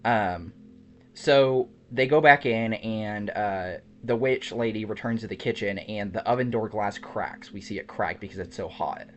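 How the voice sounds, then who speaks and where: Man host on a horror podcast, retelling a movie's plot in a halting, casual way full of ums and restarts. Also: lowish voice, a bit bright, soft background music. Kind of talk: casual movie review chat.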